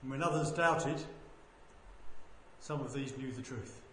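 A man preaching a sermon, swinging between loud proclaiming and quiet, low asides. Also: unhurried, heavy reverb, a little hiss or hum.

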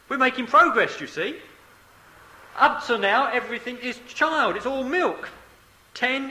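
A man preaching a sermon, swinging between loud emphatic declarations and low, quiet asides. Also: poor audio.

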